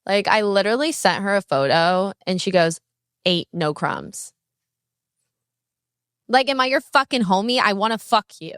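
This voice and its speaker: A young woman hosts her own podcast, chatting in a brash, candid and profane way, her pitch swinging up and down as she tells a story. Her voice is smooth and full, and it is recorded close and dry, with no room sound. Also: lively intonation, fairly quick, hardly any pauses, a bit bright, dry recording. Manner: swinging pitch and bursts of speed. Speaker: podcast host. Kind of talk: casual solo podcast chat.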